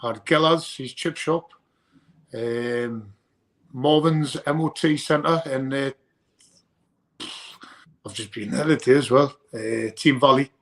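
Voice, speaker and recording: A young man speaks as a bare-knuckle fighter in a casual interview. His voice sits at an ordinary pitch, and he rambles, repeating words as he starts his sentences. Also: takes it slowly, long pauses, fairly bright tone.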